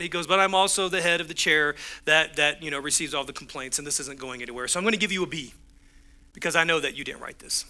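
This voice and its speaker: A man's voice: a little high, fast, bright, forceful tone. A man preaching a sermon as pastor, driving home points with punchy repeated phrases and acting out the voices in his stories.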